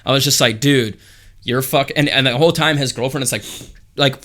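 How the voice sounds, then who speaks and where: A man's voice: mid-range voice, fairly quick. A young man co-hosting a podcast, telling a story in casual, profane chat and acting out the people in it. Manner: profane, animated retelling with quoted voices. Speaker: podcast co-host.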